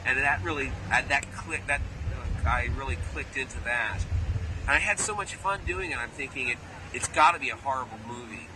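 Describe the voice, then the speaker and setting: A man's voice: mid-range voice, brisk. Playful storytelling man outdoors, traffic behind. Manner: playful storyteller who slips into character voices. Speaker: actor interviewee. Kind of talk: animated interview chat. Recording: outdoor interview with traffic noise. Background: street and car noise.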